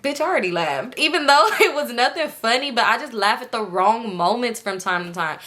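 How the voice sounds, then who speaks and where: A young woman with a bright, forceful voice tells a personal story straight to her viewers. She talks in loose slang, swears a lot and jumps into the voices of the people she quotes, her delivery animated. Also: fairly high pitch, brisk. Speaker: storytime vlogger.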